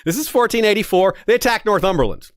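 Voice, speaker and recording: A man hosts a history show in a loose, joking storytelling manner, often restarting his sentences. His voice sits a little high and swoops animatedly up and down. The recording is dry and close. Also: big pitch swings, fast, no echo. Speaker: history podcast host.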